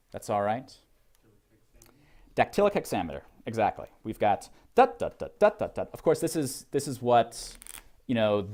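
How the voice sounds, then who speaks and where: Lively-pitched male lecturer in a classroom. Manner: asks the class questions, hesitant with many ums and restarts; reads verse slowly with heavy stress. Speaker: literature lecturer.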